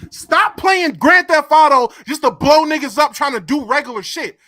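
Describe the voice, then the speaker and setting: A man co-hosting a podcast, ranting loudly and profanely in casual chat. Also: very high voice, lively intonation, normal speed. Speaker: podcast co-host.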